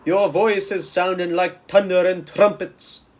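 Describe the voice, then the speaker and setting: A man voicing a big friendly old giant who mangles his grammar, loud and booming in places. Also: level tone, unhurried. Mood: pained, loud. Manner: booming, oddly phrased speech.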